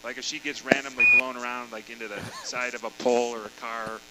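A man's voice: mid-range voice, little pitch movement, poor audio. A man co-hosting a podcast, chatting casually and joking playfully. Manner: playful, quick to joke. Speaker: podcast co-host. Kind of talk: casual chat.

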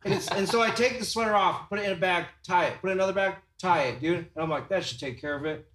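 A man's voice: sits high, fast, a bit bright. Swearing podcast host man, roomy sound. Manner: swearing storyteller, laughs while telling. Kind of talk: casual chat.

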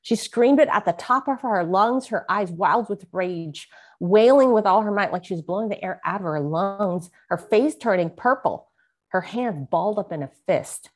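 A female guest author reads a passage from her memoir aloud and then discusses it in an interview. Her mid-range voice is expressive and moves at a normal speed, and her storytelling is earnest and vivid.

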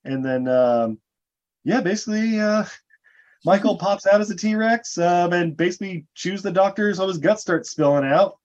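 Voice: mid-range voice, lively intonation, moderate pace, a little mellow, highs cut off. A podcast co-host chatting casually and jokingly, recapping a film in a rambling way. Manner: rambling, jokey, full of fillers.

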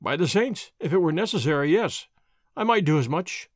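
Man voicing a bored young nobleman, drawling, sly, lively pitch, dry sound. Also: normal speed, no room sound. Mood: idle. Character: languid wealthy young Spanish nobleman, lazy and mocking.

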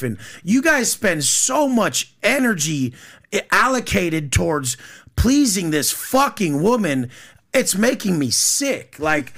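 A man in his thirties delivers a blunt, profane rant as a podcast guest. His voice sits high for a man, with a bright, forceful edge. He drives his points confrontationally. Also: creaky.

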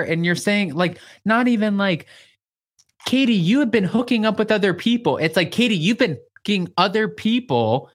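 A man hosting a casual recap chat, lively, acting out quotes and swearing freely. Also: high-pitched, normal speed. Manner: animated, acts out quotes, swears. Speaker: podcast host.

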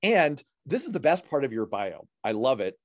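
A man hosting a radio talk show and podcast, animated and jokey, introducing and interviewing a guest. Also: mid-range voice, no echo, studio quality. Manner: animated, jokey, quick asides. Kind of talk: casual interview chat.

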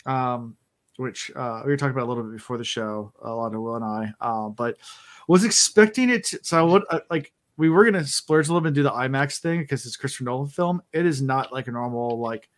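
A man's voice: mid-range voice, fast. A man hosting a casual podcast, tired, telling rambling stories full of fillers. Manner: rambling storyteller, many fillers. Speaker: podcast host. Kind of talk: casual chat.

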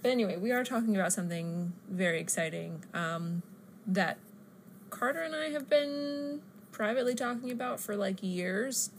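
A woman's voice: medium pitch, animated, normal speed, slight background noise. A woman co-hosting a podcast in casual chat, teasing and laughing often. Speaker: podcast co-host.

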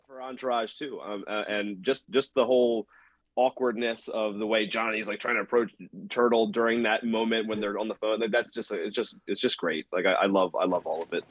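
A man co-hosting a casual podcast, talking in a halting way with lots of restarts. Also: fairly low pitch, fairly even intonation, no echo. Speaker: podcast co-host.

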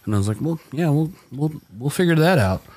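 A man with an expressive, slightly mellow voice on the high side talks briskly as he hosts a podcast. He's also the cook, explaining the dishes he made in an easygoing, rambling, relaxed chat.

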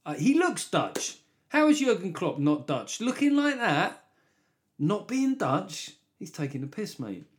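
Male comic host, loose rambling monologue, quick asides, chuckles at his own bits. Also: high-pitched, sing-song. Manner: rambling, jokey asides, laughs at own jokes. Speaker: comedy podcast host. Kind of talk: solo comedy podcast monologue.

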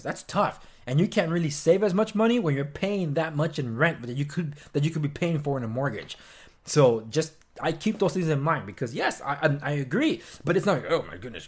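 A young man hosts his own news podcast in a loose, opinionated rant. His pitch jumps high when he gets worked up, and he throws in sarcastic asides. The delivery is casual and unscripted, with frequent fillers. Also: breathy edge. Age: young adult. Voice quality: chewing while talking at times. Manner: animated, ranting, sarcastic asides with mock quotes. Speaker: podcast host.

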